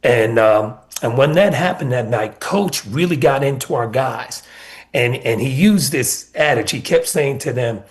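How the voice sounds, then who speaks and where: A man's voice: mid-range voice, lively intonation, a little slow. A middle-aged man, a college basketball coach, telling stories as a guest in a casual radio interview and often repeating words.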